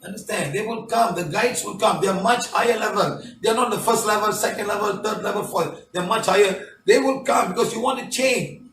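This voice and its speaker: A high-voiced man reads testimonials and comments on them, pressing his points with repeated "okay?" and "huh?". His voice is set back from the microphone in an echoing room, with a faint hiss of noise behind him. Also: fairly bright tone, distant mic. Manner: emphatic, repetitive, tag questions like "okay?" and "huh?". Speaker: spiritual healing teacher. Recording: roomy, off-mic, faint background noise.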